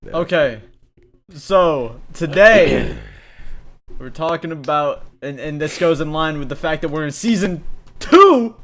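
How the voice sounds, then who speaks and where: A man's voice: fairly high pitch, lively intonation, takes it slowly, a bit bright. A man hosting a podcast in casual chat, playful and teasing while he steers the topic. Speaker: podcast host.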